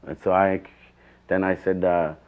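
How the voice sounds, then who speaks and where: Low-voiced older man reminiscing earnestly. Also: level tone, unhurried, clear, resonant tone, narrow, tinny audio. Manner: earnest, rambling storyteller, emphatic. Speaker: devotee recalling his teacher. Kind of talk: reminiscing interview.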